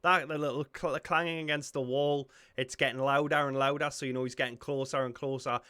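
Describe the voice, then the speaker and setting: A young man with a Geordie accent, reacting to a film with excitable, sweary commentary. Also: medium pitch, brisk, background noise. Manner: excitable, sweary, blurts out shock. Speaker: reaction video host.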